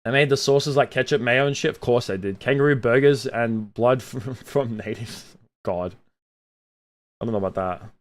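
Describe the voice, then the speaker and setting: A young man reading viewer comments aloud and answering them in a casual, animated and opinionated way, swinging between loud outbursts and muttered asides. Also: medium pitch, moderate pace. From Australia. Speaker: streamer reading chat.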